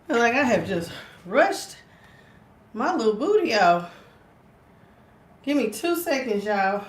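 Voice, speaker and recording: A woman's voice: fairly high pitch, very animated, slow pace. A woman hosting a tarot reading stream in a chatty, laughing way, out of breath. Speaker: tarot reader. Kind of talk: casual livestream talk.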